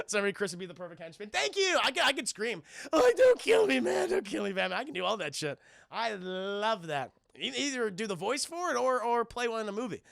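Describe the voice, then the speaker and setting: A man's voice: sits high, normal speed, creaky, no room sound. A man recapping a cartoon episode on a live stream, cursing freely and acting out scenes as he goes. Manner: profane, animated, acts out scenes in voices.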